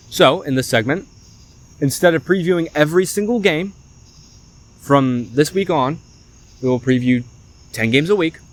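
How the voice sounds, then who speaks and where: A young man, hosting a casual sports podcast, chatty and animated, often saying "y'all". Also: mid-range voice. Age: young adult. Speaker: podcast host.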